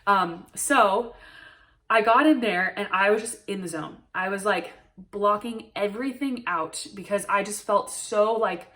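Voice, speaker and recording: A woman's voice: mid-range voice, unhurried, a bit bright, far from the mic. A young woman telling a personal story to camera, earnest and emotional, with many "like" fillers. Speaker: new mother telling her birth story.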